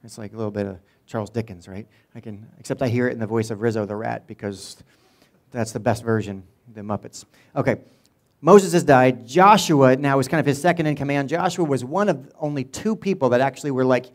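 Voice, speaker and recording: A middle-aged man preaches to his congregation as their pastor. He tells the story in a loose, conversational way, tossing in little jokes and asides as he goes. His voice sits at an ordinary pitch for a man. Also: fairly quick. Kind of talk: sermon.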